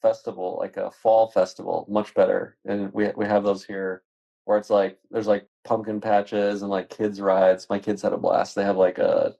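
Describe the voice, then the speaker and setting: A man with a fairly low voice talks in a relaxed, easygoing way. He co-hosts a casual chat and tells stories at an unhurried pace. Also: creaky. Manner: laid-back storyteller. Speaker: co-host of a collecting podcast.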